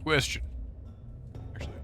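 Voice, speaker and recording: A man's voice: measured pace, bright, forceful tone, soft background music. A man streaming a game, chatting casually and sarcastically to himself and his viewers, laughing and swearing often. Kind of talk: casual gaming commentary.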